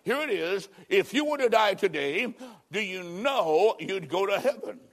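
A man preaching with a fairly high voice, telling his own story in plain words. He pleads with his listeners and swings between emphatic peaks and hushed, intimate moments. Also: expressive, a little slow. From American Midwest. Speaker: evangelist preacher. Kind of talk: sermon with personal testimony.

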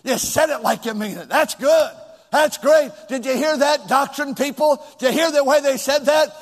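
A male pastor preaching a sermon with call and response to his congregation, rising into shouts. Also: very high voice, moderate pace. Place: large church hall with two floors. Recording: long hall reverb.

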